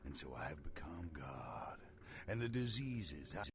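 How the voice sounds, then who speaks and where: An actor with a Southern US accent playing a sick, coughing male vampire cult bishop in a video game, preaching in a slow sermon cadence. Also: rumbling low, very animated, a little hiss or hum, exaggerated voice. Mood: ranting.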